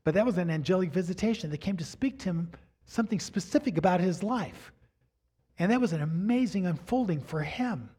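Middle-aged guy pastor, fairly high voice, chatty sermon, keeps asking right? you know?. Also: a little fast, husky. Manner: animated storyteller acting out dialogue. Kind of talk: storytelling sermon.

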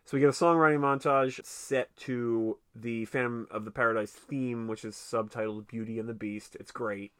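A mid-pitched man chats through a film with a co-host, profane and animated, breaking into laughter and quoting characters. The recording is close and dry, with no room sound. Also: normal speed, hardly any pauses, clear, resonant tone, no echo. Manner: chatty, profane, laughs often, acts out lines in quotes. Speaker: podcast co-host. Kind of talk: casual film discussion. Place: home, recorded late at night.

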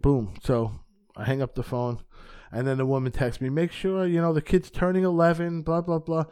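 A male stand-up comedian telling a casual, profane story as a podcast guest, acting out the dialogue with sudden jumps in pitch and loudness. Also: flat delivery, moderate pace, clear, resonant tone. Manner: profane, rambling with frequent restarts.

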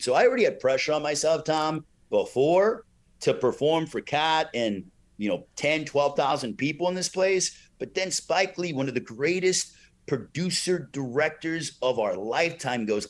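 A middle-aged ring announcer tells a story during an interview, his fairly high voice moving at a moderate pace. He delivers it with energy, sprinkling in plenty of "you know" and acting out the voices of the people he quotes.

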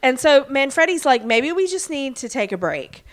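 Using a high-pitched voice with big pitch swings, a podcast co-host casually retells a TV episode's scenes. She mimics characters' lines in quick bursts and says "um" and "like" a lot along the way.

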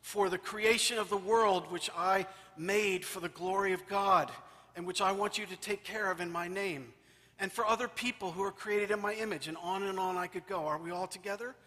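Bright, high-voiced preaching priest. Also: male voice, fairly even intonation, moderate pace. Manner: emphatic, repeating phrases for rhythm. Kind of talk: sermon. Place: church. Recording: long church reverb.

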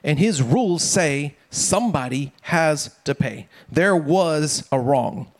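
A middle-aged pastor with a somewhat high voice preaching in a relaxed, conversational way. He stumbles over and repeats words and keeps checking in with his listeners. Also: takes it slowly. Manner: conversational, repeats words, asks "right?" often. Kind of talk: casual sermon with family stories.

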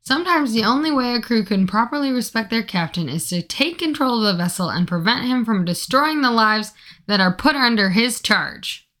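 A woman's voice: a little high, lively intonation, moderate pace, fairly bright tone. A woman reading as a cheeky young woman disguised as a sailor lad, prim and mock-haughty.

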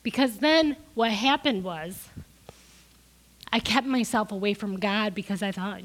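A woman's voice: mid-range voice, measured pace. A middle-aged woman preaching a sermon, crying as she gives an emotional testimony that builds to emphatic peaks.

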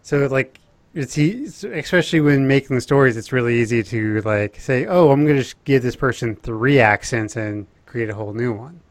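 A man's voice: medium pitch, normal speed, no echo. Chatty man from Texas. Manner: rambling, enthusiastic, trails into asides. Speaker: podcast co-host. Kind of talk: casual chat.

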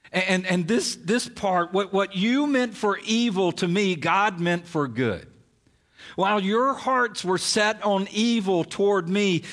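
Earnest male pastor preaching slowly in a hall. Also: a little high, a bit bright. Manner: earnest, emphatic preaching with repeated phrases. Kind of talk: sermon.

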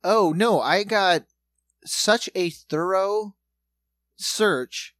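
A man's voice: high voice, drawn-out words, no echo. Swearing storyteller man, dry close mic. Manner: profane, animated, acts out other people's lines. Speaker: podcast co-host. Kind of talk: casual comedic storytelling.

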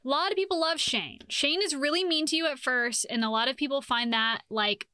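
A woman chatting casually about a video game, telling stories in an animated, profane way and quoting characters. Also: sits high, brisk, no room sound, clean studio sound. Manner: animated, profane storytelling with quoted voices. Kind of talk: casual gaming chat.

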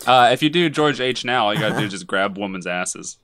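A man trading loose banter on a podcast. His pitch swings widely as he jokes and rambles, and the sound is dry and close. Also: lively intonation, bright, forceful tone, smooth, no echo. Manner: jokey, rambling, quick to laugh. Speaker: podcast host.

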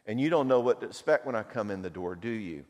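A man's voice: on the low side, expressive, fast talker, darkish tone. Conversational man in an echoey hall. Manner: conversational, storytelling, self-mocking. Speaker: marriage counselor speaking at a seminar. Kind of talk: seminar talk. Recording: long hall reverb.

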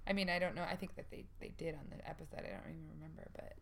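A woman's voice: deep voice, steady tone, rapid-fire, gravelly, slight background noise. A woman co-hosting a casual chat about a film, rambling and hedging as she talks. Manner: rambling, hedging, laughs often.

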